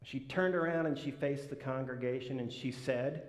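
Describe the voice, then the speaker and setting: A man's voice: mid-range voice, normal speed. A male minister giving a sermon in a church, telling stories in a humorous, folksy way. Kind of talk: sermon with storytelling. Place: church sanctuary. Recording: echoey church hall reverb.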